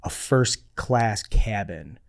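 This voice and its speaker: This podcast co-host has a lowish, creaky voice and speaks slowly. In casual conversation he tells stories with animation, acting out the voices of those he quotes.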